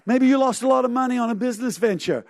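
A man's voice: very high-pitched, quick pace, vocal fry, a little mellow, no room sound. A man preaching a sermon, telling a story animatedly with sound effects and chuckles.

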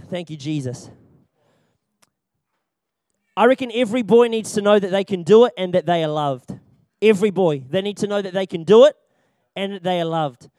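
A young man giving a church training talk on children's ministry, animated and jokey, laughing often and repeating his key points for emphasis. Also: high-pitched, no echo.

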